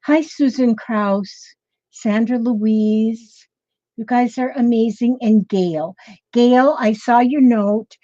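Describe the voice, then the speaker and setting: A chatty woman hosts a casual craft livestream, wandering from thought to thought and greeting viewers by name. Her voice is warm and mellow, and the recording is dry and a little dull, like home stream audio. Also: on the high side, slow, no echo. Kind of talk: casual live chat with viewers.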